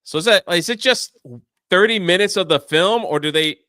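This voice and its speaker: A man's voice: high voice, moderate pace, bright, forceful tone, no room sound, clean studio sound. A man co-hosting a casual podcast chat in a playful, teasing way. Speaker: co-host.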